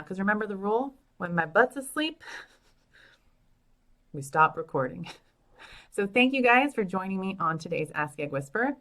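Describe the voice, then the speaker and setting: A woman doctor hosts a relaxed live Q&A over her phone, answering viewers one after another. Her voice sits a little low for a woman. She is chatty and frank, and quick to laugh at herself. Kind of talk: casual live Q&A chat.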